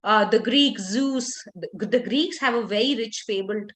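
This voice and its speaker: A woman leading a workshop for teachers, talking expressively with lively intonation and frequent restarts. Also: mid-range voice, measured pace. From India.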